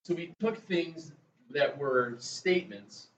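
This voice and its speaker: A man's voice: fairly high pitch, animated, slow pace, a bit bright, far from the mic, a little hiss or hum. A male math teacher, giving a casual, chatty classroom lecture and telling stories to his students. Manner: conversational, tells stories to the class. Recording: roomy classroom, voice from afar, dull sound.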